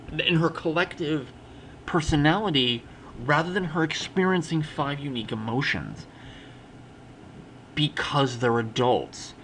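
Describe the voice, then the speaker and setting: A man's voice: on the high side, fairly bright tone, slight background noise, low-quality recording. Rambling young man reviewing a film. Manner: rambling, with frequent restarts and self-corrections. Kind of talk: casual spoken film review.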